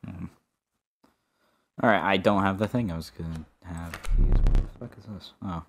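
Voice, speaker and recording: A man giving casual gameplay commentary who thinks aloud, gets excited, and swears. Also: deep voice, normal speed, vocal fry, slight background noise. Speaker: let's-play gamer. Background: game music.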